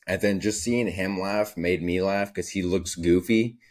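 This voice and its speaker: A man's voice: sits low, steady tone, unhurried, a little mellow. A young man hosting a casual solo podcast, telling stories in a profane, rambling way. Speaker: podcast host.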